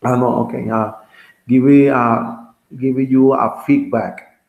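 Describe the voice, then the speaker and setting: A male English teacher whose first language is Spanish, talking haltingly in an online conversation class, with many restarts and self-corrections. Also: mid-range voice, fairly even intonation, creaky, phone-quality sound. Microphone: video call. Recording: roomy echo.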